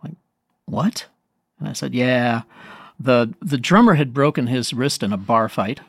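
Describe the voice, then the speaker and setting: Animated man telling a story. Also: mid-range voice, moderate pace, no echo, studio quality. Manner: animated storyteller, quotes others in lively voices. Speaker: guest musician. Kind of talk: casual storytelling interview.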